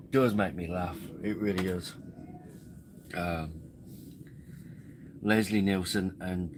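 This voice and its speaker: A man's voice: deep voice, slow, pauses often, background noise. A man hosting a live camping stream, chatting casually in a rambling way and chuckling often. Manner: rambling, chuckling, easily amused. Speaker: camping livestream host. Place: outdoors at a campsite.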